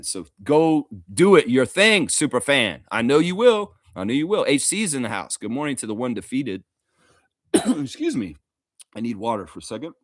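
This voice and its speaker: A man's voice: mid-range voice, fairly bright tone, no echo, clean studio sound. A man hosting a casual sports live stream, rambling, laughing often and reading chat aloud. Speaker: livestream host. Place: Toronto.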